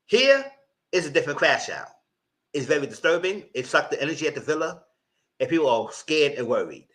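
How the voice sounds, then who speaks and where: A man hosting a live reality TV recap, his voice bright and sharp. He speaks in a sassy, slangy, blunt way, and his pitch bounces up and down a lot. His voice sits a little high for a man. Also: sing-song, fairly quick.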